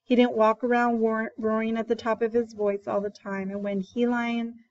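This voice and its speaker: A woman reads a folk tale aloud as a teacher, steady and expressive, her voice a little high. The recording sounds dull and lo-fi. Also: moderate pace.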